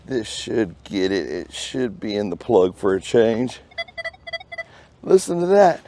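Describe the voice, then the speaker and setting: Folksy Texan man, gravelly and mellow. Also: on the low side, very animated, takes it slowly, slight background noise. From Texas. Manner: folksy, jokey, playful made-up words. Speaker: metal detecting channel host. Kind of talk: casual narration while detecting. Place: outdoors in a park.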